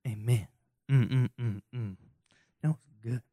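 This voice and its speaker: A man's voice: medium pitch, measured pace, dark tone, no room sound, studio quality. A young man, preaching a casual, joking sermon full of rhetorical questions and rambling asides. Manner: goofy, self-mocking, rambling with asides. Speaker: youth preacher.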